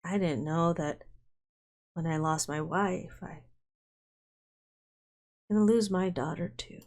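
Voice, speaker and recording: A woman voicing a bitter, guilt-ridden middle-aged man in a dating game, in a low, subdued voice. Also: slow, a little mellow. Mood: regretful. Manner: low, subdued, self-loathing confessions. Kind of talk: reading game dialogue aloud.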